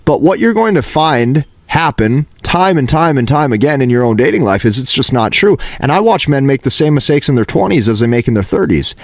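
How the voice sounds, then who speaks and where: A man's voice: mid-range voice, no echo. A man giving a motivational dating-advice monologue, emphatic and repetitive, lecturing the listener.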